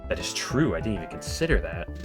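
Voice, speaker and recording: A man's voice: low-pitched, very animated, fast talker, soft background music, voice pushed down. A man voicing a spoiled, selfish young female heiress who talks bluntly and dismissively. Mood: haughty.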